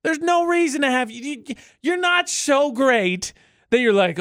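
A man co-hosting a radio show, teasing and animated in casual banter, often restarting his sentences. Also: extremely high pitch, a little slow, no room sound, studio quality.

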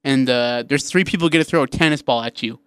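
A man hosting a sports talk show, playful and rambling, easily excited. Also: mid-range voice, fast, smooth, no room sound. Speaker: sports radio host.

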